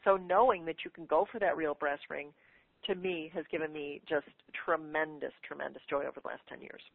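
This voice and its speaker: A middle-aged woman telling a lively personal story as a guest on a radio interview. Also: low voice, fairly quick, creaky, no room sound. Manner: lively, animated anecdote-telling. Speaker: guest author. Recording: tinny phone line, dry.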